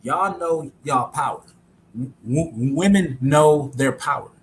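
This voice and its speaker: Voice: mid-range voice, slow pace, slight background noise. Co-host chiming in with agreement. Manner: affirming, chiming in with short agreement. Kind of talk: casual podcast chat.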